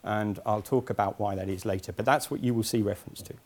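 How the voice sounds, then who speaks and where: A man's voice: fairly low pitch, steady tone, fast talker. A man from Essex with an English accent giving a university lecture in a lecture hall, chatty with wry asides. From Essex, England.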